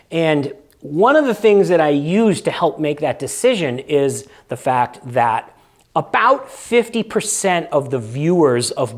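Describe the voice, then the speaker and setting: A man hosting a casual vlog, explaining things in a chatty, conversational way with frequent fillers and restarts. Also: medium pitch. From United States. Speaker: vlog host.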